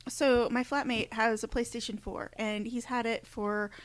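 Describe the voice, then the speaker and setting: A woman's voice: fairly high pitch, fairly even intonation, moderate pace, no room sound. A woman co-hosting a casual podcast chat, blunt and teasing. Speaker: podcast co-host.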